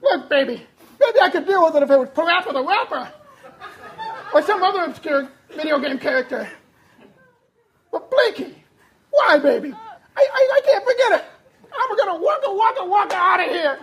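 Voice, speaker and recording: A performer voicing Pac-Man as a frantic, hot-headed husband, talking in shrill bursts and laughing through his lines. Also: animated, normal speed, long pauses, fairly bright tone, lo-fi sound, exaggerated voice. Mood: outraged. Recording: audience laughter and noise behind.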